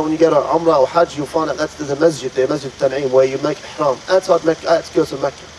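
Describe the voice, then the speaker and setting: A man's voice: a little high, darkish tone, a little hiss or hum, low-quality recording. A man earnestly retelling an Islamic story to an audience, dramatic and full of pious exclamations. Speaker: religious storyteller.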